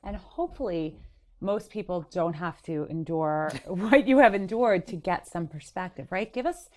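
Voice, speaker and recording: Host: woman, lowish voice with lively intonation, encouraging interviewer. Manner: encouraging, quick affirmations. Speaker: podcast host.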